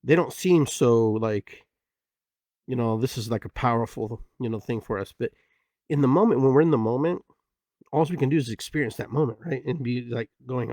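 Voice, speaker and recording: A man's voice: medium pitch, moderate pace, mellow, dry recording. Brief: middle-aged male podcast host, rambling reflective storyteller, dry untreated sound. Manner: rambling, many "you know" fillers.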